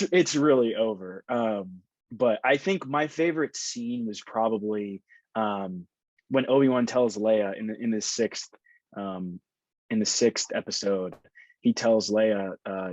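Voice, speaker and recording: A man's voice: lowish voice, darkish tone, no echo. A man appearing as a podcast guest, talking in a rambling, heartfelt way with many fillers. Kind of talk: casual podcast chat.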